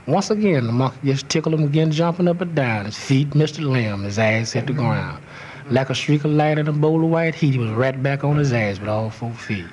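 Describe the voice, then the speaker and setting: A man reciting a long rhymed, profane folk toast in a steady rhythmic delivery. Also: medium pitch, a little fast, a little hiss or hum. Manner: rhythmic rhyming delivery, heavy cursing. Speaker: storyteller.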